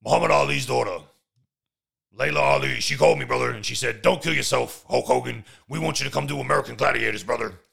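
A man putting on a loud, sad, washed-up male wrestler who shouts his lines. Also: medium pitch, fast talker, creaky, slightly rough, voice pushed up, heavily acted. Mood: hyped shouting. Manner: loud shouted catchphrase delivery.

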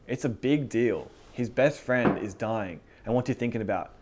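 A man leading a casual Bible study, reading verses aloud and commenting with animated enthusiasm and frequent laughter. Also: medium pitch, moderate pace, noisy background. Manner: animated, laughs often, reads scripture then comments.

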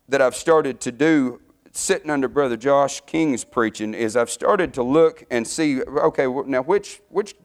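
A middle-aged man preaching a sermon, fervent, his voice climbing higher and louder as he builds.

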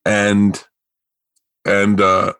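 Extremely slow and fairly low, this comedian guest's voice is creaky yet clear and resonant, with no echo. He tells casual stories in an animated way, tripping over restarts and impersonating the people he quotes.

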